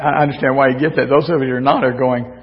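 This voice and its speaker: A man preaching a sermon to his congregation in a folksy, joking way, his voice a little hoarse because he is losing it. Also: mid-range voice, fairly even intonation, fast talker. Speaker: pastor. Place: church sanctuary. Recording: distant, dull church recording with long reverb.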